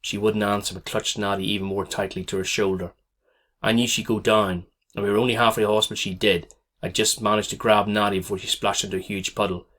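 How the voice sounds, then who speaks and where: A man's voice: lowish voice, flat delivery, fast talker, a bit bright. A man narrating a first-person story aloud as an audiobook reader, in a tense, dramatic way.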